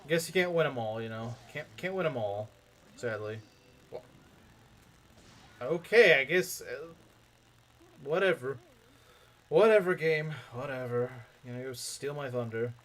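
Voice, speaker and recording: A man's voice: mid-range voice, animated, a little slow, long pauses, a bit bright. A young man commenting casually on a strategy game as he plays, rambling, repeating himself and making jokey asides to his chat. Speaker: let's play streamer.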